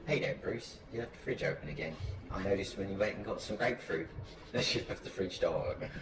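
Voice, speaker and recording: A man putting on an impression of an older London film star with a slow, laid-back drawl. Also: low-pitched, animated, echoey room, loud music behind the voice, low-quality recording. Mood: teasing.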